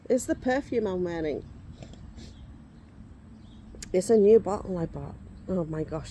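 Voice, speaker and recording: A woman's voice: fairly low pitch, sing-song, normal speed, long pauses, dark tone, husky. A woman in her forties chatting casually outdoors as a vlogger, rambling and breaking off to shoo insects. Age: 40s. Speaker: vlogger showing reborn dolls. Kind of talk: casual chat. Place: outdoors in the sun.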